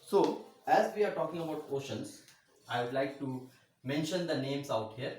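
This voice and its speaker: This male geography teacher, heard in an echoey room, takes his time, repeats terms and spells them letter by letter while regularly asking "okay?" His voice leans high but has a darkish tone.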